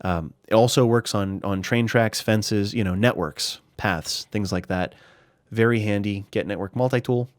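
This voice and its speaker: A man with a lowish voice talks casually over a game, as if he were at his desk. He is chatty and relaxed, restarts his sentences and leans on filler words. The recording is dry and close, with no room sound. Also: normal speed, dry recording. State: slightly out of breath. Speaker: gaming YouTuber. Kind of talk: casual screen-recorded tutorial commentary.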